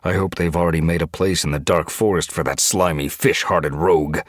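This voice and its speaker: A man's voice: sits low, fairly even intonation, fairly quick, no echo, studio quality. A man voicing a hot-tempered, bossy old tomcat leader who growls threats. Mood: growling.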